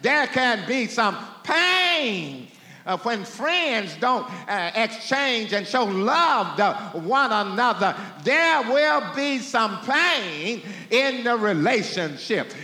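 A male pastor preaches in a strikingly high, lively voice, stretching each phrase slowly. His tone is bright and ringing, and long reverb from a roomy sanctuary trails behind every line. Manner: slow, drawn-out preaching that builds to shouting; call-and-response with the congregation. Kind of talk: preaching a sermon. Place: church sanctuary.

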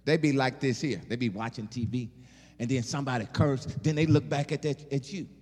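A man preaching a sermon, animated, with call-and-response and laughing asides. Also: mid-range voice, brisk, husky. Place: church sanctuary. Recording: long hall reverb.

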